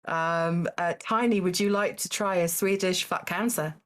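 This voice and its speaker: A woman hosting a live charity game stream, reading donations and calling on players in a calm, polite way. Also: fairly low pitch, normal speed.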